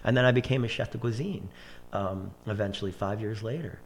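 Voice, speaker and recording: A man's voice: fairly low pitch, a little fast, a little hiss or hum. A man in his forties, a chef, telling long rambling stories in casual conversation, full of restarts and quoted dialogue.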